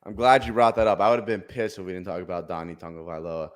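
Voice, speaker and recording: A young man in his twenties co-hosting a sports podcast. He talks in a loose, sarcastic way and tells stories with lively, animated energy. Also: low-pitched, fast. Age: 20s. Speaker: podcast co-host. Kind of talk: casual sports chat.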